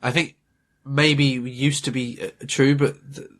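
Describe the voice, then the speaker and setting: A man co-hosting a podcast, chatting in a gentle, amused way. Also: medium pitch, little pitch movement, a little slow. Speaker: podcast co-host. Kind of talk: casual chat.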